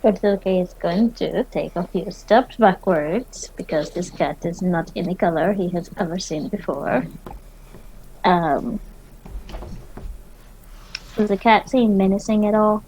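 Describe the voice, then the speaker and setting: A woman's voice: fairly low pitch, unhurried, long pauses, a little mellow, a little hiss or hum, rough recording. A woman playing a tabletop game, describing her character's actions playfully. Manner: playful, slips into character voices. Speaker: player.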